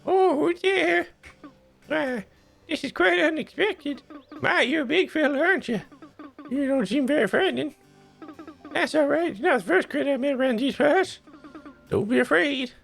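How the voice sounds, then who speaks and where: A man putting on a gentle old woman who tends the woods in a video game, her voice pitched very high and gravelly with fry. She fusses sweetly over strangers, with faint music behind her. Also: animated, normal speed, pauses often, heavily acted. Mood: kindly. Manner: sweet, fussing, high quavering old-lady voice.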